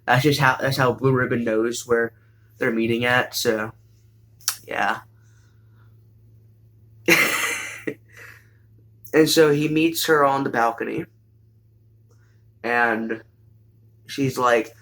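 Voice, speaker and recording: A man's voice: medium pitch, fairly even intonation, slow pace, long pauses, sharp tone. A young man hosting a show, casually recapping an anime in a rambling, hesitant way with lots of fillers. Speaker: show host.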